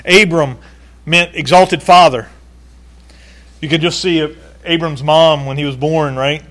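A male pastor preaching a sermon in an animated way, acting out quoted voices and laughing now and then. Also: on the high side, unhurried, pauses often.

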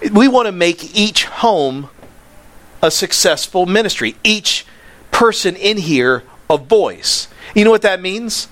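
A man preaching a sermon, excitable, swinging from near-yelling down to low, quiet stretches. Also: normal speed. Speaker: pastor.

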